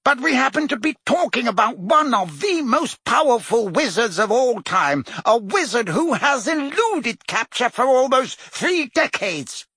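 A man voicing a flustered, defensive male wizard minister who talks rapidly and heatedly, his voice climbing when pressed. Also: extremely high pitch, big pitch swings, sharp tone, breathy edge, no echo, studio quality, pitched above the performer's own voice, exaggerated voice. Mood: indignant.

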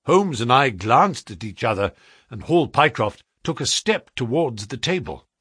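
Man reading classic fiction aloud, animated pitch, slightly husky, dry close sound. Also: a little slow, dry recording. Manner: dramatic, building tension. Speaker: audiobook narrator. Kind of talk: scripted narration.

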